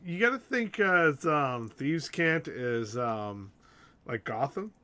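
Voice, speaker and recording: A man's voice: medium pitch, animated, slow, pushed and bright. A man playing in a tabletop game, chatting playfully and trying out character voices. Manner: playful, tries out movie-character voices and laughs. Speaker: player. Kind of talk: casual tabletop game chat.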